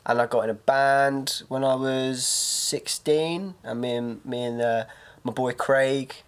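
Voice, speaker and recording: A young man co-hosting a podcast, his voice sitting right in the middle of the range. He tells his stories in a relaxed, easygoing way and laughs easily. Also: mid-range voice, a little slow, clean tone. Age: young adult. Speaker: podcast co-host. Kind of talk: casual chat.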